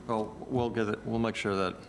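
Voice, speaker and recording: Man, deep monotone, matter-of-fact, noisy room. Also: normal speed. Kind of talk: public meeting discussion.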